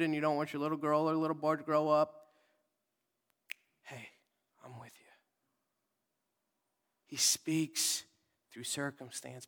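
Casual young preacher in an echoing church. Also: male voice, fairly high pitch, clear, resonant tone. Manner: casual, conversational preaching with sudden loud readings and soft whispered asides. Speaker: pastor. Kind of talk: sermon. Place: church sanctuary.

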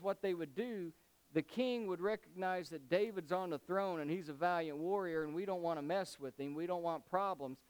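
Animated folksy Bible teacher, man. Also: high-pitched, poor audio. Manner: animated, folksy storytelling with slang. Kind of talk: Bible study storytelling.

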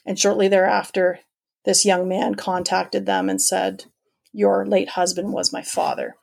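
A woman's voice: medium pitch, level tone, unhurried, vocal fry. Earnest middle-aged woman telling her story. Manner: earnest, emotional, rambling with many fillers. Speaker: guest telling her adoption search story. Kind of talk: personal storytelling in conversation.

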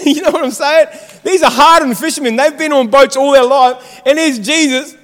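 Male pastor, very high voice, fervent call-and-response preaching with long reverb behind it. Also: moderate pace, fairly bright tone. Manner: fired-up, exhortative, calls to the congregation. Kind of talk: sermon. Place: church.

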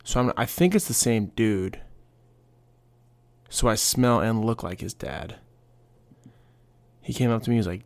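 A young man hosts his own podcast, telling rambling stories and slipping into quoted voices. His voice sits low with a gravelly edge, and the sound is dry and close to the mic. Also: a little slow, pauses often, a little mellow, dry recording. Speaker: podcast host. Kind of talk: casual solo podcast chat.

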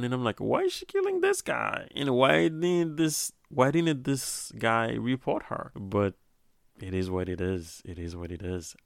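A man's voice: fairly low pitch, clean tone, dry recording, studio quality. A man in his thirties casually recapping a movie scene, rambling with frequent restarts and quoted asides. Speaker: movie commentator.

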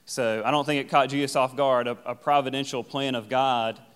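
Smooth-voiced pastor in a reverberant hall. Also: male voice, medium pitch, steady tone, fairly quick, fairly bright tone. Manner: conversational, paraphrases scripture in casual everyday phrasing. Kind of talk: sermon.

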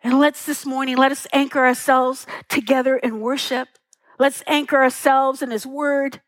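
A woman's voice: sits high, level tone, normal speed, dry recording, low-quality recording. A middle-aged woman pastor preaching a sermon, telling stories tenderly and asking the congregation rhetorical questions.

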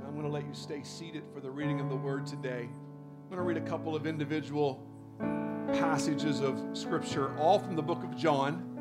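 Emphatic high-voiced preaching man. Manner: emphatic preacher, rising to loud high peaks on scripture. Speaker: pastor. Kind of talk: sermon.

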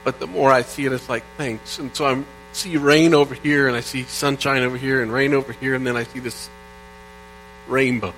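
A middle-aged man from Indiana preaching a sermon, reading psalms aloud in an earnest way that swings between quiet and loud. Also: mid-range voice, fairly even intonation, moderate pace. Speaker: pastor. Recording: faint mains hum. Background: faint mains hum.

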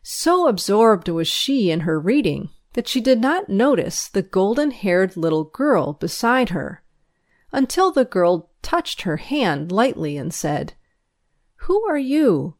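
With a measured, expressive storyteller's delivery, a woman reads out a school paper's news and stories. Her pitch is medium.

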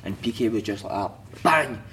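A man with a Scottish accent chatting casually as a podcast guest, telling animated stories with plenty of swearing. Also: lowish voice, moderate pace. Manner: animated storytelling, heavy swearing, laughing. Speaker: podcast guest, former footballer. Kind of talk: casual chat.

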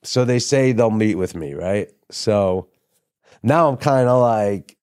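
A middle-aged man, a TV writer and producer guesting on a casual interview, takes his time over a long, wandering story, cursing freely and performing the voices of those he quotes. His fairly low voice is expressive, smooth, and darkish, captured in clean studio quality without room sound.

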